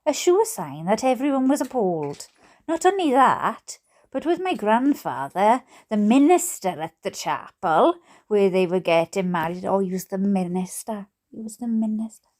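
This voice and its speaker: A woman's voice: medium pitch, big pitch swings, moderate pace, darkish tone. A Welsh woman reading a book aloud, breaking off for giggly, chatty asides. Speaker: book reader.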